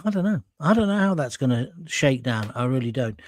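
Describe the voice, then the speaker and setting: A man's voice: medium pitch, big pitch swings, fairly quick, darkish tone, dry recording. A man hosting a live stream. He reads viewers' comments aloud and answers them in a blunt, emphatic, opinionated way, with some mild swearing, and he sounds hot and sweaty. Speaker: host of a live current-affairs stream.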